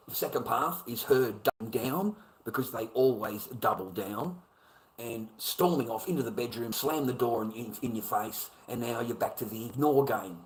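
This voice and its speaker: An Australian man delivering a profane, bitter monologue to camera, swinging between angry outbursts and low muttering. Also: low-quality recording. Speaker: vlogger.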